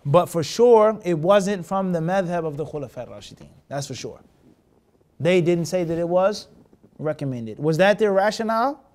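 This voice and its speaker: Teaching hadith to a class, a man blends Arabic terminology into English and keeps stopping to pose rhetorical check questions to his students. He speaks at a moderate pace in a high, animated voice with a darkish tone.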